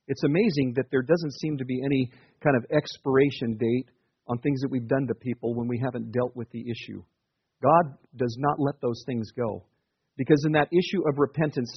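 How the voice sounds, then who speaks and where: A pastor preaches to his congregation in a husky, slightly breathy voice. His delivery is earnest but conversational, with casual asides. The sound is dry and a little dull. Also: medium pitch, no room sound. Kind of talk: sermon.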